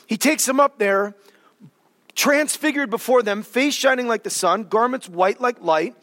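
A male pastor preaching a sermon in an animated, joking way, with sudden dramatic swings in volume. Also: extremely high pitch, measured pace, long reverb tail.

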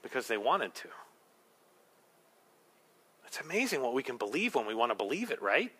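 A man's voice: medium pitch, very animated, moderate pace, a bit bright, slightly rough. A male pastor preaching a sermon, emphatic, with rhetorical questions and humorous asides.

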